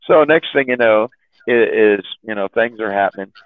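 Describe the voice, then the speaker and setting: A man's voice: lowish voice, normal speed, no room sound. A man casually telling long rambling stories to a chat room, stumbling over and repeating his words and laughing often. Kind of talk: casual storytelling. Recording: tinny phone-like line, dry.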